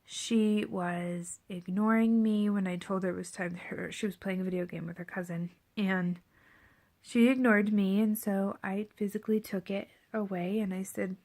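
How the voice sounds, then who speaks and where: A candid pregnant young woman recounts a hard evening straight to camera in a relaxed, conversational way. Her voice sits at an ordinary middle pitch, and she often sinks into a soft, breathy near whisper before lifting back up. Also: moderate pace. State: seven and a half months pregnant. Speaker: parenting vlogger. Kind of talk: casual storytelling to camera.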